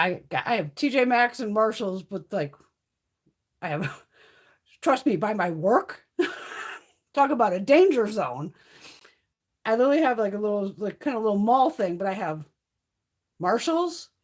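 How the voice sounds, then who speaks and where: Chatty, foul-mouthed woman with lively pitch. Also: unhurried, long pauses. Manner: chatty, blunt, swears freely; answers viewers' comments by name. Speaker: beauty livestream host. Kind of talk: casual livestream chat.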